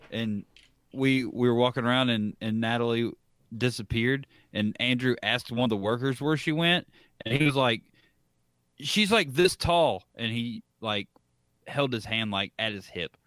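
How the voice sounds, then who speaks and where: A man's voice: normal speed, a bit bright, no echo. A man co-hosting a casual podcast chat on a video call, playful and goofy. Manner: playful, goofy, jumps into squeaky voices. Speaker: podcast co-host.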